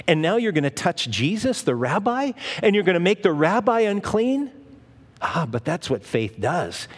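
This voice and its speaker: A man's voice: fairly high pitch, in a large hall. A male pastor giving a conversational sermon, acting out the voices of the people in the Bible stories.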